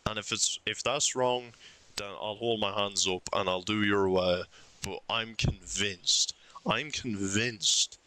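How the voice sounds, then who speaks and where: A man's voice: on the low side, takes it slowly, bright, forceful tone. A young man streaming a puzzle game, thinking aloud and arguing his case insistently with himself. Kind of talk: live game commentary.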